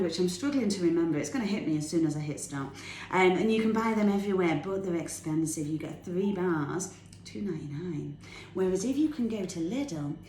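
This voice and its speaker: This woman, a fitness tip vlogger, talks to the camera from her kitchen at home, offering viewers relaxed healthy-eating advice with bubbly enthusiasm and frequent laughter. She has a medium-pitched, darkish voice. There is a little hiss or hum on the recording, which was made in an echoey room with faint ambience.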